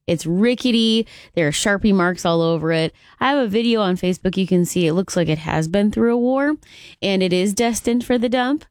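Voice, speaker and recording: A woman hosting a morning radio show, telling a story in an exasperated, animated way. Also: fairly low pitch, no room sound, clean studio sound.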